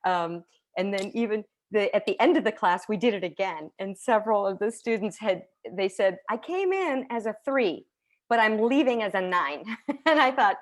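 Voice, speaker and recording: Lively woman teacher on a video call. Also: mid-range voice. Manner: lively, conversational, with frequent "right?" and soft laughs. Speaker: teacher giving a conference talk. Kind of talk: online conference presentation.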